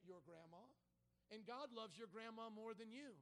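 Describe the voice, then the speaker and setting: A man with a notably high voice preaches a sermon. He drops into a quiet, low tone when telling stories, then climbs and swells when driving a point home. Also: moderate pace. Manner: preaching with swings from quiet to loud. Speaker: pastor.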